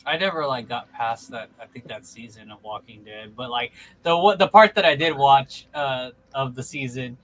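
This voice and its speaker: A man's voice: medium pitch, expressive, normal speed, hardly any pauses, fairly bright tone, a little hiss or hum, low-quality recording. A young man co-hosting a casual chat, rambling with many fillers and restarts. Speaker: podcast co-host.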